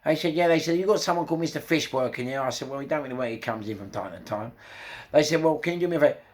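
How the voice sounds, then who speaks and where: A man's voice: on the high side, very fast. A man with a London accent casually telling a crime story, swearing freely and acting out the quotes. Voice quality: gravelly. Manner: swearing, animated retelling with acted quotes.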